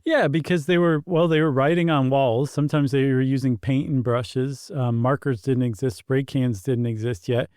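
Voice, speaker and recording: A man's voice: medium pitch, fairly even intonation, moderate pace, hardly any pauses, darkish tone, clear, resonant tone, no echo. A middle-aged man co-hosting a podcast in casual, jokey banter on a studio mic. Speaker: podcast co-host. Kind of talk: casual chat.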